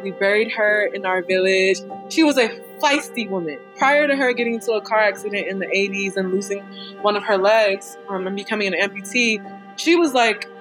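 A young woman in an interview telling personal stories frankly and with animation, laughing often. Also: medium pitch. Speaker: interview guest. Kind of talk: candid personal storytelling.

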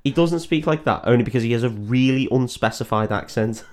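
A man's voice: mid-range voice, a little fast. Giggly, sweary male podcast host. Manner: rambling, laughing often, sweary. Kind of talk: casual comedic film recap.

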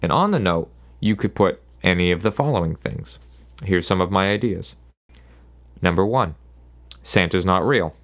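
Gravelly-voiced man rambling on a podcast. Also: low-pitched, animated, moderate pace, long pauses, fairly bright tone. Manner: rambling, sarcastic, self-interrupting. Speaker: podcast host. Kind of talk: casual solo podcast monologue.

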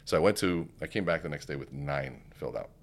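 A man's voice: rumbling low, fast talker, a little hiss or hum. A man telling a story in casual conversation as a podcast guest, acting out what people said. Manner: animated, acts out quoted dialogue. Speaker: podcast guest, keynote speaker.

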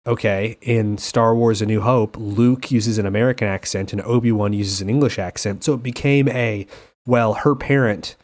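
A man co-hosting a podcast in casual chat, telling stories with animated energy. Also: on the low side, normal speed. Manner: animated storytelling, slips into playful accent impressions. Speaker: podcast co-host.

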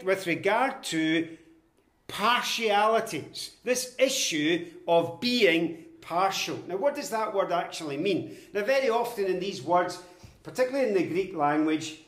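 High-voiced preacher in an echoey room. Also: male voice. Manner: measured, emphatic, slows to stress quoted verses. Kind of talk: expository Bible teaching.

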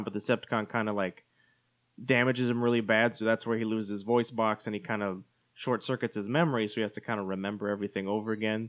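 A man co-hosting a casual chat, talking in an animated, jokey way and slipping into goofy impressions. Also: medium pitch. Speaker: podcast co-host.

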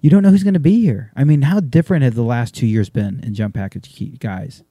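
Chummy male host, very dark voice. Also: mid-range voice, fairly quick, dry recording. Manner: chummy, says "dude" and "man" a lot. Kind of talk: casual interview chat.

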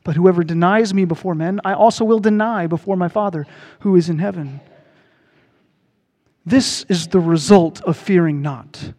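High-voiced animated male preacher. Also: moderate pace, in a large hall. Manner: animated preaching, rising to loud proclaiming, dropping to quiet earnest tones. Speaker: pastor. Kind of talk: sermon.

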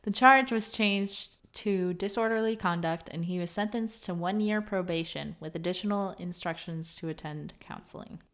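A woman's voice: lowish voice, normal speed, few pauses, a bit bright. A young woman co-hosting a true crime podcast, reading case details steadily and laughing nervously at the grim parts. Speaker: podcast co-host.

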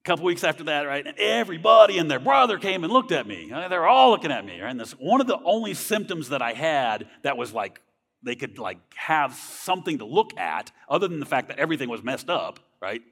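A man's voice: on the high side, sing-song, fairly quick, vocal fry, fairly bright tone, big-room sound. A man giving a personal faith testimony in a church, talking earnestly and conversationally and often checking in with "right?". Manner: earnest, conversational, frequent tag questions. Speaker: speaker sharing a testimony.

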